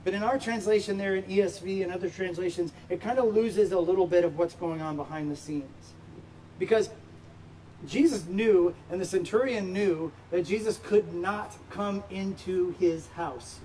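In a church sanctuary, a pastor with a fairly high but dark-toned voice drives home his points with emphatic rhetorical questions at a moderate pace. He sounds somewhat far from the microphone, with a faint background hum.

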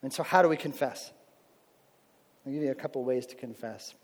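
Here a male pastor with a mid-range voice moves briskly through his sermon in a big hall. Conversational in style, he keeps asking "right?" to check in. He is a grown man who is married and has children.

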